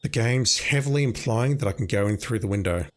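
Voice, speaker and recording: A man's voice: fairly low pitch, brisk. A man giving casual commentary while playing a video game, thinking aloud as he goes. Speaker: let's play commentator.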